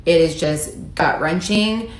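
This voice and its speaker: An American woman in her thirties earnestly shares a personal story in a vlog, speaking slowly in a lowish voice. Her emotional retelling includes reading out texts, and the echoey room carries faint ambient noise.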